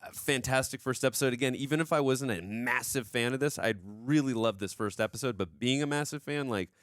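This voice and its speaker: A man's voice: mid-range voice, fairly quick, a bit bright, no room sound, studio quality. A man co-hosting a casual review show, talking enthusiastically about an episode with many restarts and repetitions. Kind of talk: casual reaction review chat.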